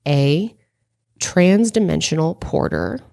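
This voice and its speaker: A woman's voice: deep voice, big pitch swings, slow, vocal fry, a little mellow. A woman hosting a casual podcast quiz game, blunt and opinionated, laughing often. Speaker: podcast host and quizmaster.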